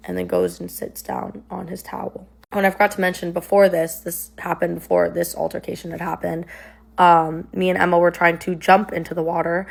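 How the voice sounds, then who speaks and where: A woman's voice: on the low side, a little fast, vocal fry, slightly rough. A young woman casually recounting a personal story, rambling with lots of "like" and "um". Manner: rambling, filler-heavy retelling with many "like" and "um".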